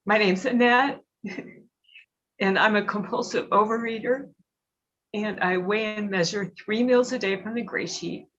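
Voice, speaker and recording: A woman giving an emotional, halting personal share at a recovery meeting, teary and sniffling, with many fillers and restarts. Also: medium pitch, a bit bright, lo-fi sound. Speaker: guest speaker at a recovery meeting.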